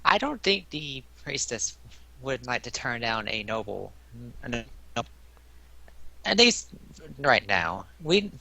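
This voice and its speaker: A man's voice: mid-range voice, sing-song, a little slow, creaky, pauses often, bright, forceful tone. A man playing a tabletop game, rambling and laughing as he talks. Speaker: player. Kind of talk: casual tabletop play.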